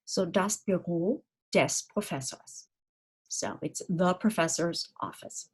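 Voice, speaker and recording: A woman lecturing on German grammar, saying German example phrases slowly and then giving them in English, with frequent ums. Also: on the low side, breathy edge. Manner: slow, deliberate explanations with frequent fillers. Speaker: German language instructor.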